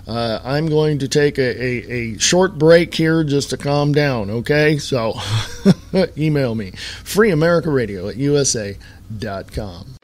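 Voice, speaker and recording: A man hosting his own podcast in a talk-radio monologue style, hammering points home with slow, stressed words and repeats. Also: mid-range voice, animated, darkish tone. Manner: emphatic, repetitive, slowed stress on key words. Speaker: podcast host.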